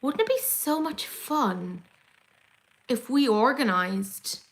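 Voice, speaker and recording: An Irish woman hosting a casual beauty livestream, chatty and excitable, gasping and swearing as she reads comments. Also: a little high, slow pace. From Ireland. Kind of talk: casual chat reading live comments.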